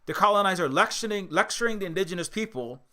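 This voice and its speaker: A man's voice: high-pitched, lively intonation, quick pace, bright, forceful tone. A man giving casual spoken commentary as a video essayist, impassioned and rambling, with frequent restarts and filler words.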